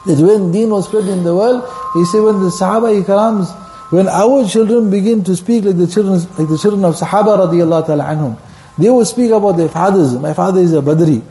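A man preaching a sermon in impassioned storytelling style, mixing English with Arabic phrases and quick bursts of recitation. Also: high voice, dark tone, slight background noise.

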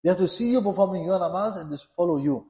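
The speaker is an Islamic preacher whose voice sits high and sounds dark, and he talks fast. Earnest and exhorting, he keeps repeating his points throughout the sermon, recorded in an echoey room.

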